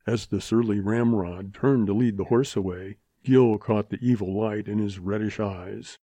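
Male audiobook narrator, low mellow voice, dry close recording, steady telling. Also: moderate pace, hardly any pauses, dry recording. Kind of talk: audiobook reading of a western.

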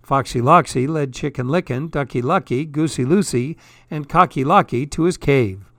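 A man reading comic, twisted fairy tales aloud in a deadpan, wry storytelling manner. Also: medium pitch, moderate pace, no room sound, studio quality.

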